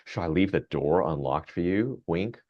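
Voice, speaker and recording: A man's voice: low voice, lively intonation, normal speed, lo-fi sound, voice pushed down. A man putting on a flirty female chatbot.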